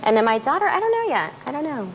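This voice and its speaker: A woman's voice: sits high, very animated, fast, a little hiss or hum. A woman in her thirties from the American South, with a Southern accent, chatting casually and giggling as a guest on a late-night talk show in a television studio. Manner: chatty and giggly, with many fillers. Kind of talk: casual interview chat.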